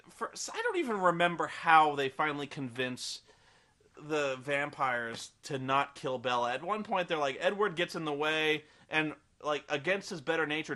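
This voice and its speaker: Snarky, rambling male film reviewer, bright tone, animated delivery. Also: a little high. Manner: rambling, sarcastic, profane.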